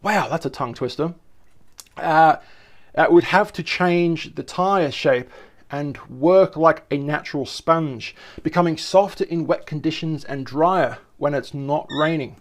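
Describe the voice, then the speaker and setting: Man, eager rambling commentary, stumbles over words, slightly high voice. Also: measured pace. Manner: enthusiastic, rambling, self-correcting. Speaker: video host. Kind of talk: casual commentary.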